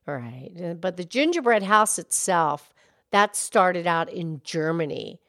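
A kindly, level-headed cow co-host on a kids' podcast, played by a woman, patient and reassuring as she explains things. Her voice sits low for a woman, recorded close and dry. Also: lively intonation, takes it slowly, a bit bright, no room sound, full character voice. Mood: gentle. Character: calm, kindly, knowledgeable female cow co-host. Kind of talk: in-character kids' podcast chat.

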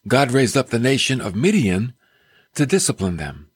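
Animated, husky-voiced radio preacher man. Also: medium pitch, normal speed, dry recording. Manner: folksy, animated, joking asides. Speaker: radio Bible teacher and host. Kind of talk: radio sermon. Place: radio studio.

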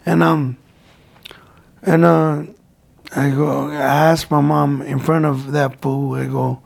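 A man's voice: on the high side, flat delivery, slow pace, gravelly. A man in his forties, a guest in a casual interview, telling stories in a rambling way, repeating words and dropping in Spanish slang. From United States. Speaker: guest, former boxer.

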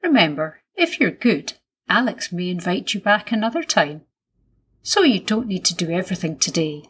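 A woman voicing a gentle, reassuring mother in a children's storybook. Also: fairly low pitch, big pitch swings, moderate pace, slightly rough. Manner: soothing, lightly teasing.

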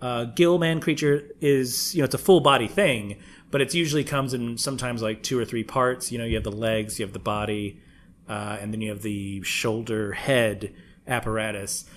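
A man's voice: medium pitch, steady tone, moderate pace, a little hiss or hum. A man co-hosting a podcast, joking, laughing often and swearing freely in casual chat. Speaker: podcast co-host.

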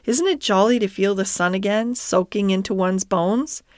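A woman's voice: mid-range voice, moderate pace, no echo, studio quality, natural voice. Rat, a woman doing a dreamy, murmuring water rat. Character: dreamy male water rat, poetic and languid. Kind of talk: storybook character voice.

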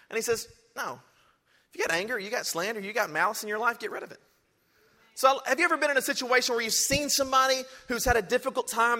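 A man's voice: high voice, sharp tone, big-room sound. A man preaching a sermon to a large church congregation, moving from conversational talk into emphatic exhortation. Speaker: pastor.

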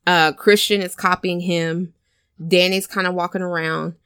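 Lowish-voiced woman animatedly retelling a film. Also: normal speed, smooth, no room sound, studio quality. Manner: animated, acts out characters' lines with cursing and laughs. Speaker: podcast co-host retelling a film. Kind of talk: casual chat.

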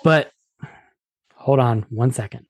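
A man's voice: mid-range voice, slow, heavy background noise. A man hosting a casual movie review chat, talking with enthusiasm and often repeating words as he goes. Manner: enthusiastic, frequent word repeats. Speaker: podcast host.

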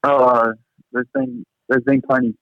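Chatting as a guest, this young teacher tells funny stories in a rambling way, often laughing at his own expense. He speaks at a measured pace in a mid-range, somewhat bright voice with a flat delivery, captured dry with slightly dull lo-fi quality.

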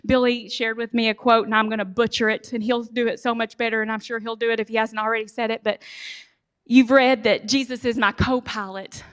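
A woman giving a storytelling sermon, animated and humorous, speaking directly to her audience. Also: a little high, a little fast, clean tone. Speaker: speaker giving a church talk.

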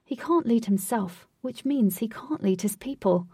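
A woman's voice: a little high, lively intonation, measured pace, dark tone, slightly rough, no echo, studio quality, recorded from a distance, full character voice. Woman reading as earnest male guide Wraith. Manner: earnest, patient, lecturing.

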